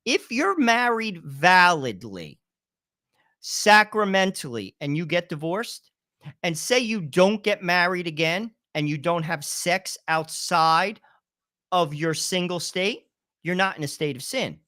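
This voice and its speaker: A man co-hosting a political talk show, explaining his views in a deliberate, lecturing way. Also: sits high, expressive, bright, forceful tone, no echo, studio quality. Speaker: co-host.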